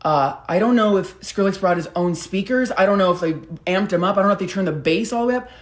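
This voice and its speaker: A woman's voice: mid-range voice, fast. A young woman from Denver, a content creator telling a storytime vlog in a chatty, profane way, full of filler words. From Denver, United States.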